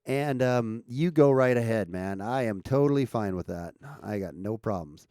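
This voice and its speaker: Livestream host, American man, loose and rambling, reads chat aloud, gravelly tone. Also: on the low side, lively intonation, moderate pace, dark tone, dry recording, studio quality. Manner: rambling, with frequent restarts and chuckles. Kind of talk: casual livestream chat, reading comments aloud.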